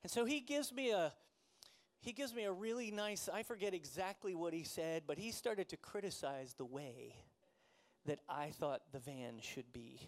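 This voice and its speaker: A man's voice: sits high, moderate pace. A man in his forties preaching a conversational sermon, telling a story about himself and laughing often. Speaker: pastor.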